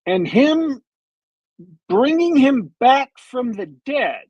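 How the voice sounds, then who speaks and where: A man on a podcast with a bad cold, retelling a movie plot as a meandering, detailed storyteller with long pauses. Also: extremely high pitch, sing-song, a little mellow, husky, no room sound, poor audio. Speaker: podcast co-host.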